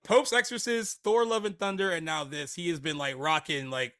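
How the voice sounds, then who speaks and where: Bright-voiced man in casual movie chat. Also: fairly high pitch, fairly even intonation, moderate pace. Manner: blunt, laughs often, trails off mid-sentence. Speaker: podcast co-host.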